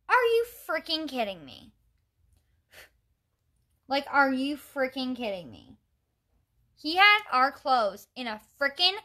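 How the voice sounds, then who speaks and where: A young woman's high, sharp-toned voice carries this livestream, where she works on her makeup as a vlogger. She chats casually, tells stories in an exasperated, talkative manner, and reads and greets the chat.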